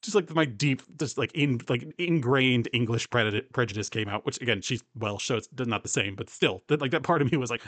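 A man's voice: mid-range voice, animated, a little fast, a bit bright, dry recording. A young man from the US Southeast, co-hosting a podcast in casual chat, rambling and laughing often. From US East Coast and Southeast. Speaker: podcast co-host.

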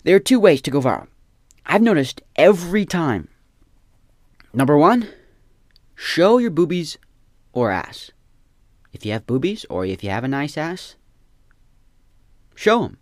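A man's voice: on the high side, sing-song, unhurried, long pauses, no echo, clean studio sound. A young man ranting in a casual, profane, rambling way, often repeating himself. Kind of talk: casual rant.

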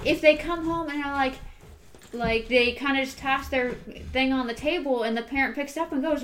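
A woman's voice: sits high, moderate pace, slight background noise. A woman in casual conversation, telling stories animatedly and acting out the people she quotes. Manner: animated, acts out quoted voices. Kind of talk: casual chat.

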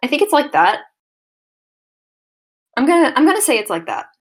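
A woman's voice: high voice, big pitch swings, normal speed. A woman co-hosting a podcast in casual chat, hesitant, with many fillers and easy laughter. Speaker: podcast co-host.

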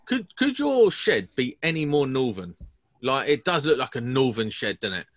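A man's voice: mid-range voice, big pitch swings, normal speed. A British man hosting a casual video call, teasing his friends and joking around. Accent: British English. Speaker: host.

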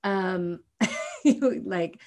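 Woman, podcast co-host, casual chat, earnest, rambling, lowish voice. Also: flat delivery, drawn-out words. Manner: earnest, rambling, many fillers.

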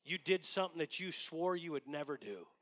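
High, bright-voiced pastor. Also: male voice, expressive, fairly quick. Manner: conversational storytelling, dropping to hushed tones. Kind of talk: sermon.

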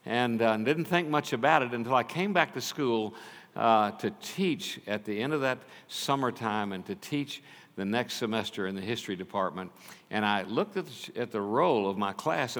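An older man preaching a sermon, telling stories and swinging from loud, urgent passages to hushed ones. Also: mid-range voice. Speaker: pastor. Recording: long reverb of a large hall.

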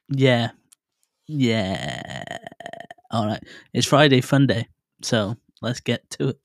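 A man in his thirties hosting a casual solo podcast, rambling and self-deprecating, with sudden loud bursts, talking into a mic set about a foot away at home. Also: medium pitch, no room sound, clean studio sound. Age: 30s. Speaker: podcast host. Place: home room, alone. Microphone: desk mic set to far mode, about a foot away.

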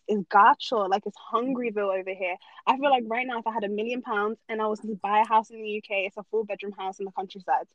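A woman's voice: on the high side, dry recording. Emphatic slangy woman ranting. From Norway. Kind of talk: casual chat. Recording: dull dry close sound.

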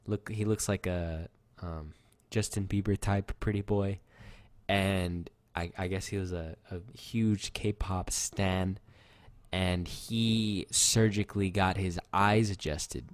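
A man's voice: deep voice, steady tone, takes it slowly. A man co-hosting a podcast, rambling through casual chat with lots of fillers and easily shocked reactions. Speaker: podcast co-host.

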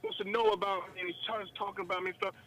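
Man, high voice, bright and sharp, excitable, slangy, tells stories in a casual chat. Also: racing, poor audio. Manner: excitable, slangy, lots of restarts. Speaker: country singer guest. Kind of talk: casual podcast storytelling.

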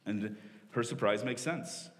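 A man's voice: lowish voice, unhurried. A male pastor preaching a sermon in a conversational, explanatory way, often saying "like" and restarting his sentences. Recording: long reverb of a large hall.

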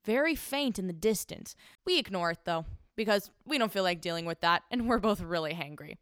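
A woman's voice: on the low side, lively intonation, brisk, fairly bright tone, smooth, no room sound, clean studio sound. A young woman delivering indignant, sarcastic political commentary with rhetorical questions. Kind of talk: opinionated commentary monologue.

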